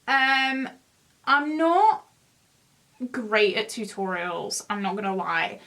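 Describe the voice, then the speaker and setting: A woman's voice: medium pitch, sing-song, slow, fairly bright tone. A young woman in her twenties chatting in a rambling, self-mocking way while doing her makeup for a beauty vlog. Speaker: beauty vlogger. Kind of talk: casual get-ready-with-me chat.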